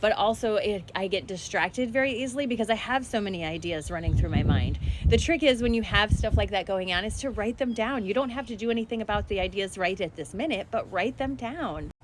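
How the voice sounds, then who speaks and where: A woman's voice: medium pitch, expressive, a little fast, background noise. A woman talking casually to her viewers in a spiritual energy update, chatty and direct.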